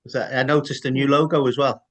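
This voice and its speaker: A man at a middle pitch conducts an informal interview. He repeats himself as he works into his questions and keeps the tone light. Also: flat delivery, fast. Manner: stumbling, jokey questions.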